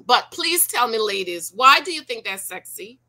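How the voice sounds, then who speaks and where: A woman in her forties talks straight to her viewers, firing rhetorical questions and preaching her opinions. Her voice is bright and sits a little high. She sounds casual and animated throughout. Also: normal speed. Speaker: YouTube commentator. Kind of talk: casual reaction commentary.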